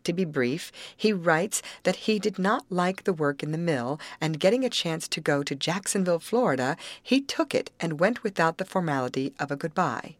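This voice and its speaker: A woman's voice: fairly low pitch, animated, dry recording, lightly acted. A woman reading an audiobook, voicing a stern but fond middle-aged father who muses aloud. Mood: measured. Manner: measured, musing, dryly humorous.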